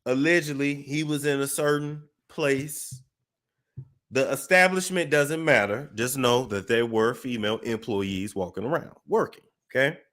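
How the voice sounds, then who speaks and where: A man hosting a celebrity gossip show, telling a story with dramatic pauses, restarts. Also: mid-range voice, a bit bright. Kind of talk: casual gossip commentary.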